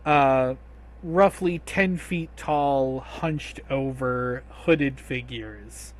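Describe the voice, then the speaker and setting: A man narrating a tabletop game as game master, telling the scene in a measured, descriptive way. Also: mid-range voice.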